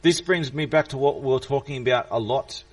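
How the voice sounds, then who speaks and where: A man's voice: medium pitch, fairly quick. Rambling man, far from the mic. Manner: reflective, preachy, rambling monologues. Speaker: host of the voice chat. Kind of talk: casual voice chat.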